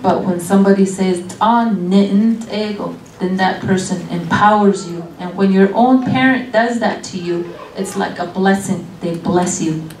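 A middle-aged woman giving a college guest lecture on weaving, speaking earnestly and reflectively with pauses. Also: mid-range voice, darkish tone. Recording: echoey room, distant mic, faint noise.

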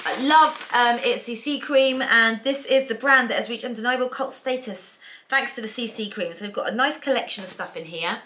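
A woman's voice: fairly high pitch, moderate pace, sharp tone. A British woman in her thirties, chatting playfully as she unboxes beauty products. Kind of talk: casual chat.

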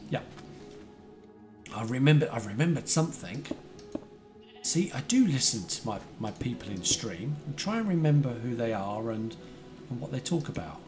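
A man from the UK chatting casually to his viewers while playing a building game on a live stream. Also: mid-range voice. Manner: chatty, talks to chat viewers, remembers their details.

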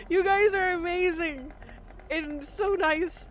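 A woman's voice: very high-pitched, heavy background noise. A woman game streamer on a live stream, giggly and overwhelmed as she thanks her viewers, swearing casually.

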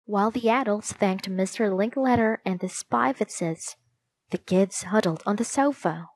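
A woman reading a children's chapter book aloud, in slow, clear, measured narration. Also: medium pitch, darkish tone, poor audio. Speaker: reader.

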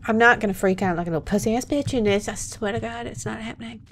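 Playing a horror game, a woman provides foul-mouthed, joking commentary, jumpy and profane throughout. Her voice is fairly high and quick, with a little hiss or hum in the audio.

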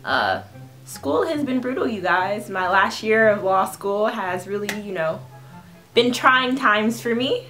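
A young woman in her twenties chats her way through a funny story for her vlog, lively and quick to laugh. Her voice sits at an ordinary middle pitch, and soft music plays faintly behind her. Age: 20s. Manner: chatty, animated, laughs while telling. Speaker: food vlogger telling a story.

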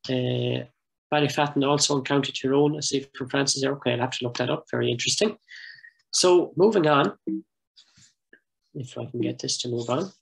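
A man of middle pitch presenting a heritage talk over a video call. He speaks in a thoughtful, measured way, pausing often with small fillers as he walks through maps on screen. His voice sits in an ordinary register for a man. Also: vocal fry, low-quality recording. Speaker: project coordinator giving a heritage talk. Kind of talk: online presentation with shared maps.

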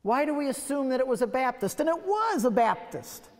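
Guy giving a faith talk to students, emphatic storyteller, kinda high voice, big hall reverb. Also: very animated, a little fast. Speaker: guest speaker. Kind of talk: evangelistic lecture with stories. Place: university lecture hall. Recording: long reverb in a large hall.

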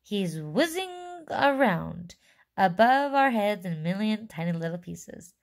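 A blunt, gloomy father delivering grim remarks in a flat, matter-of-fact way, read by a woman in her near-normal voice. Slow, unhurried storybook pacing. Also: medium pitch, gravelly.

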